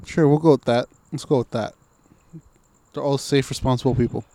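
A man's voice: mid-range voice, steady tone, fairly quick, dark tone, no room sound. A man co-hosting a podcast in casual chat, laid-back and wry, swearing freely. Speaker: podcast co-host.

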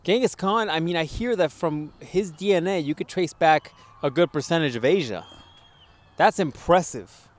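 A man's voice: a little high, moderate pace. A man co-hosting a podcast in casual chat, joking crudely and acting out bits of dialogue. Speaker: podcast co-host.

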